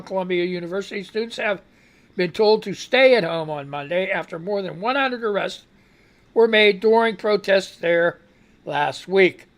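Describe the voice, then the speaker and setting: A man hosting a live radio news show, reading headlines aloud and breaking off into rambling, exasperated reactions while trying not to cough. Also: high-pitched. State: fighting a cough. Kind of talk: casual live news commentary.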